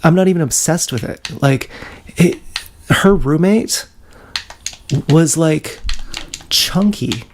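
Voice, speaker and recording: A man's voice: on the high side, darkish tone, slight background noise. A man rambling through a profane personal story in a casual livestream monologue, recorded on an action camera mic.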